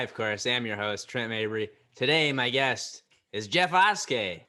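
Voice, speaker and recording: A man's voice: medium pitch, expressive, unhurried, few pauses, sharp tone. A man hosting a comedy podcast, chatting casually and making dry jokes. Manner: dry, joking. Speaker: podcast host.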